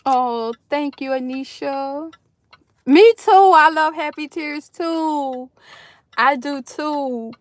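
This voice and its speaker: A woman's voice: high-pitched, slow. A woman hosting a casual livestream from her car in a carpool line, talking effusively to her viewers and greeting them by name. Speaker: livestream host. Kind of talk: casual live chat with viewers.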